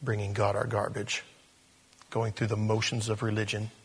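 A middle-aged man giving a sermon in a conversational, humorous way, with quick asides and acted-out quotes. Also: fairly low pitch, little pitch movement, slightly rough. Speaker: pastor.

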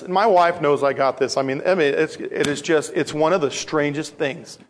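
A male pastor delivering a sermon with a somewhat high voice. He tells stories in an animated way, slips into acted-out voices and repeats key lines to drive them home. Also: normal speed, few pauses. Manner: animated storytelling, acts out voices, repeats phrases for emphasis.

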